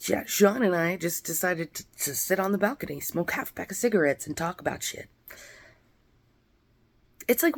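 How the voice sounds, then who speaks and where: Woman yapping away in her kitchen vlog, kinda low voice, chatty and scattered. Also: a little mellow. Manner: rambling, chatty, with frequent fillers and asides. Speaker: vlogger. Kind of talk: casual chatty home vlog. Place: home kitchen.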